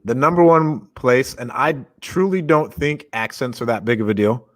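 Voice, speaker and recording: A young man co-hosts a casual podcast and speaks in a direct, energetic way. He sounds like he is coaching a team of callers. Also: medium pitch, normal speed. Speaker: podcast co-host.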